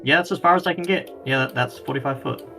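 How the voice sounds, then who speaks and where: A man's voice: fairly high pitch, fast talker, creaky, over music. A man playing a tabletop game, chatting in an easygoing, upbeat way. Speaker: player. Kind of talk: casual game chat.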